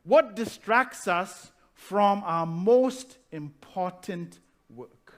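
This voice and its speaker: High-voiced man preaching a sermon. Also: fairly bright tone. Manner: rhetorical questions, slows down to stress key phrases. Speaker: pastor.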